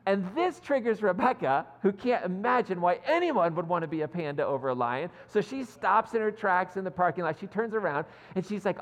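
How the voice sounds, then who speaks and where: A male pastor giving a sermon as animated storytelling, with self-deprecating asides. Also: high voice, brisk, hardly any pauses. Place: church sanctuary. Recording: long hall reverb.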